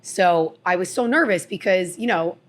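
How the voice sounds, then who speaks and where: Chatty low-voiced woman host from New Jersey. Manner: chatty, quick, restarts and giggles. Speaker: podcast co-host. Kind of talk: casual chat.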